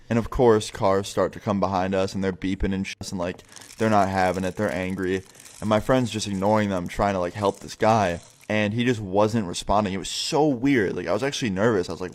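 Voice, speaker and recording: Young man, lowish voice, casual sweary storyteller. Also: fast. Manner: swearing, rambling, filler-heavy.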